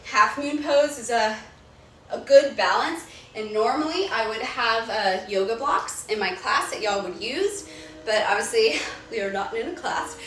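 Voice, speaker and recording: A woman leading a live-streamed yoga workout from home, giving calm step-by-step cues and countdowns, a little out of breath. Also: a little high, a little slow, a little hiss or hum. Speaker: yoga instructor. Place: home room. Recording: echoey room, far from mic, music behind.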